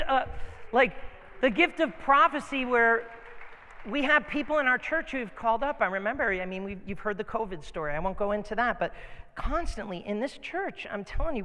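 High, bright-voiced male pastor preaching. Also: long reverb tail. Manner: storytelling, casual and animated. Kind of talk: sermon. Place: church.

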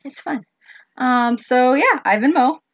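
A woman's voice: high-pitched, animated, a little slow, dull audio. A woman co-hosting a podcast in casual chat, mostly giving short, agreeable replies. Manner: brief, agreeable responses. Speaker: podcast co-host.

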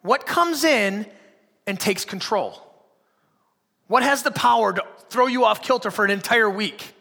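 A man preaching a sermon as pastor, firing off repeated rhetorical questions that build to loud, emphatic peaks. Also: high voice, a little slow, creaky, in a large hall.

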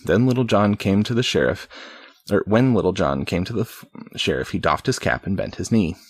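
A man reads an old storybook aloud in a casual way, slipping on words and tossing in wry comments. His voice is husky and low, recorded close and dry. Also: expressive, brisk, dry recording. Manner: stumbles and adds wry asides. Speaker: reader.

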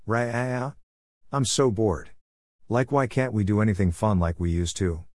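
A man's voice: lowish voice, steady tone, a little slow, darkish tone, no room sound, clean studio sound, close to an everyday voice. Cheeky bored boy in a storybook, whiny and mocking, read by a male narrator.

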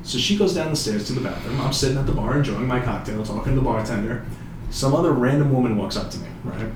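A man's voice: medium pitch, quick pace. A man around thirty telling a long dating story in loose, profane, casual chat. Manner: loose and profane, full of fillers, acts out quoted people. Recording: echoey room, mic far off, background noise.

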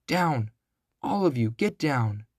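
A man voicing a bold, excited young girl while reading a storybook aloud. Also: on the high side, a little slow, creaky, slightly rough, no echo, clean studio sound, voice pushed up, heavily acted. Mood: fierce.

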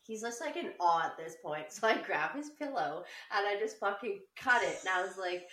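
A woman telling a story in a casual chat, animated, swearing often and laughing as she talks. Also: mid-range voice, normal speed. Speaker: podcast co-host. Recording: roomy, a bit distant from the mic.

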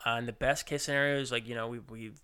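A man's voice: medium pitch, steady tone, fast, bright, forceful tone, clean tone. A young adult man, a podcast guest, chatting casually and rambling upbeat, often saying dude. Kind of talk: casual chat.

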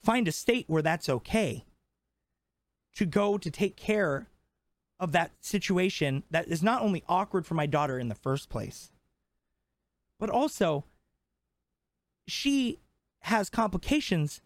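A man's voice: high voice, sing-song, measured pace, long pauses, no room sound. A man in his twenties co-hosting a podcast, ranting heatedly and swearing constantly. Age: 20s. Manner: profane, fired up, emphatic. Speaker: podcast co-host. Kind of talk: heated casual rant.

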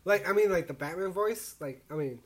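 Excitable man with a slightly high voice, swearing, loud crowd behind. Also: brisk. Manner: excitable, profane interjections. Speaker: friend in a group chat. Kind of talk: casual chat.

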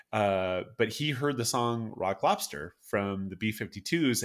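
A man's voice: fairly low pitch, fairly bright tone. A man co-hosting a casual podcast chat about songs, an enthusiastic storyteller who laughs often. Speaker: podcast co-host.

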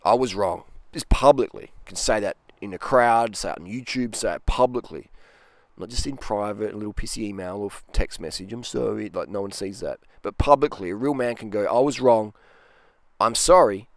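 A man's voice: lowish voice, fairly quick, dry recording. Blunt rambling man. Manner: rambling, blunt, acts out quoted voices. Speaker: dating advice talker. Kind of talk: casual monologue to camera.

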